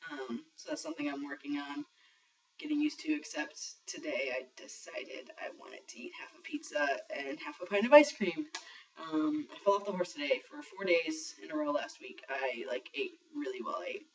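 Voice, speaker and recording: In his video diary about transitioning, a young trans man talks casually and rambles, full of ums and a stray curse. His fairly high, somewhat bright voice moves at normal speed, and the built-in camera mic records it distant, muffled and lo-fi.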